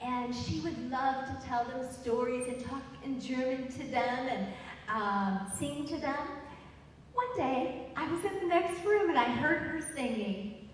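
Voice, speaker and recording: A woman telling comic family stories on stage in an animated way. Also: high-pitched, measured pace, a little hiss or hum. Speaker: storyteller. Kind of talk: stage storytelling. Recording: echoey hall, distant mic.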